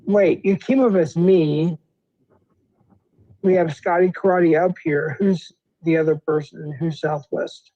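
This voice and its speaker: Guy hosting a stream, high mellow voice, kinda scattered, muffled lo-fi sound. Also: steady tone, slow pace. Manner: scattered, interrupts himself. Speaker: stream host. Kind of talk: casual live-stream chat. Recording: dull lo-fi stream audio.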